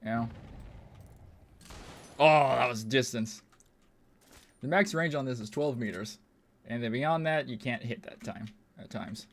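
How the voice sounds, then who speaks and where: Young man, game streamer, mid-pitched voice, rambling, swears a lot, laughs easily. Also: measured pace, pauses often. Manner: rambling, profane, laughs often. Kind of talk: casual gaming commentary.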